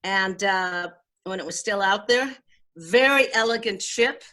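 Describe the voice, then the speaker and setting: A woman's voice: medium pitch, measured pace, pushed and bright. An older woman giving an informal talk about films in a chatty, enthusiastic way, with many fillers. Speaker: film critic giving an online talk. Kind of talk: casual talk on movies.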